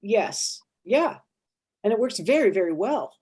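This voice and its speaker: A woman therapist leading an interactive workshop, lively and expressive, acting out inner voices and checking in with her listeners. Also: medium pitch, measured pace, slightly rough. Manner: animated, acts out inner voices and checks in with "right?".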